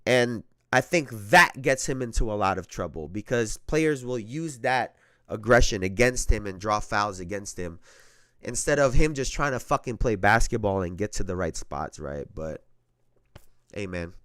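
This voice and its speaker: Profane, animated man talking basketball. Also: on the low side, moderate pace, no room sound, clean studio sound. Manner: profane, animated, laughing often, repeats himself. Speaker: sports podcast host. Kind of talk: casual sports talk.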